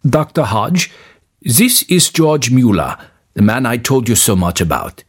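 A formal, courteous professor of divinity, speaking in measured sentences, as a male reader puts him on. The voice is husky and lively in pitch, and he moves through his words with unhurried care in this storybook telling.

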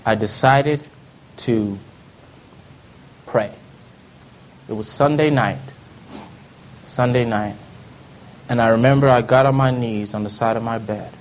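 A man telling a personal testimony in an earnest storytelling way, often dropping to soft low tones. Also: slow, pauses often, slight background noise. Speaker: speaker giving testimony.

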